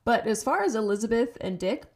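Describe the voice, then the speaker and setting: A young adult woman co-hosts a casual movie recap podcast, offering blunt, emphatic opinions and frequent agreeing interjections. Her voice is on the high side, a little mellow, brisk, and lively in intonation.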